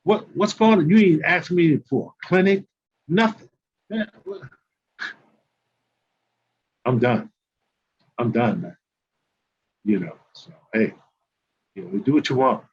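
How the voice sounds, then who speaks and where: A man's voice: a little high, big pitch swings, slow, pauses often, husky. An older man from New Jersey, a former pro basketball player and coach, telling his grievances as a guest in an emphatic, repetitive, aggrieved way. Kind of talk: heated guest monologue. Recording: dull lo-fi call audio.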